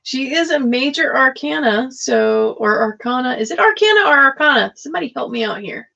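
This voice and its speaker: With a high, slightly bright voice marked by vocal fry, this tarot streamer talks at a moderate pace. She laughs frequently while chatting with viewers and doing card readings, and the stream sounds dull and lo-fi.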